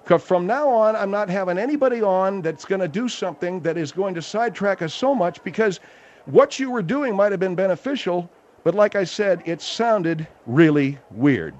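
A man's voice: high voice, lively intonation, normal speed, a little mellow. A man hosting a comic radio talk show, blunt, bossy and exasperated. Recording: dull lo-fi radio recording.

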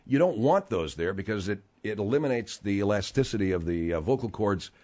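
Animated man hosting a talk show. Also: on the low side, fairly quick. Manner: animated, rambling explanations with many fillers. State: slightly strained voice. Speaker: radio talk show host. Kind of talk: casual talk show chat.

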